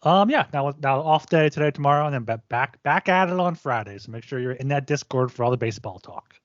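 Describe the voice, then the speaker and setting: Lively-pitched man recapping sports news. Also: fast, no echo. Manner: easygoing, informative recaps. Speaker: podcast co-host. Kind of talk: casual podcast chat. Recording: dull lo-fi sound, dry.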